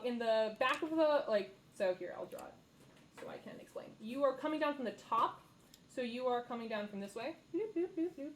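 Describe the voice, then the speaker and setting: A woman's voice: a little high, slight background noise, low-quality recording. Chatty woman running a tabletop game. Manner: casual, lots of fillers, laughs easily. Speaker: dungeon master.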